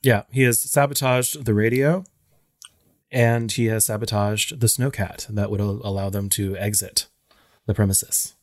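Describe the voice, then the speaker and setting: A man co-hosting a podcast, recapping and analyzing a film's events in a casual, steady way. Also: on the low side, unhurried, no room sound, clean studio sound. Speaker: podcast co-host. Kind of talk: casual film discussion.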